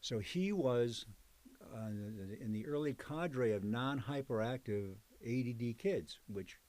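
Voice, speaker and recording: A man's voice: mid-range voice, slow pace, a little mellow. Older man telling stories conversationally. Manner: conversational, digressive storyteller with fillers. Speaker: psychologist and professor. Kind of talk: oral history interview.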